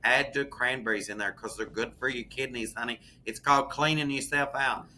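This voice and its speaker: A man with a Southern US accent chatting as a podcast co-host, folksy and animated, calling the listener "honey". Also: medium pitch, fairly quick, slight background noise. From American South. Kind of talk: casual chat.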